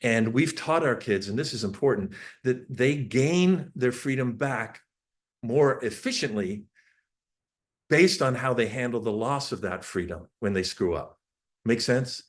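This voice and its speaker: A man's voice: mid-range voice, measured pace. A middle-aged man giving a parenting talk to an audience, telling stories about his family and acting out the conversations with sudden bursts of emphasis. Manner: lively storyteller who acts out family dialogue with bursts of emphasis. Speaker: parenting speaker.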